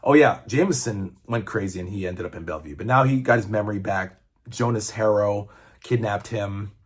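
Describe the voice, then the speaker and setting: A man's voice: fairly low pitch, normal speed, slightly rough. A man in his fifties, a comic book reviewer, chatting casually and enthusiastically, rambling and swearing now and then. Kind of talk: casual chat.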